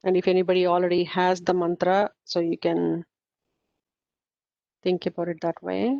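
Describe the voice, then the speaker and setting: A woman's voice: lowish voice, flat delivery, moderate pace, vocal fry, mellow, no room sound. A woman teaching a study group in an informal lecture, explaining step by step with frequent fillers and self-corrections. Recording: slightly muffled, dull recording.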